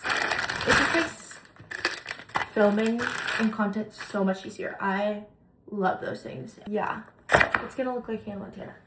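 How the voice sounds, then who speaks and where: Young woman gushing thru an unboxing vlog, kinda high voice, echoey noisy room. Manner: gushing, excitable, chatty. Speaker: lifestyle vlogger.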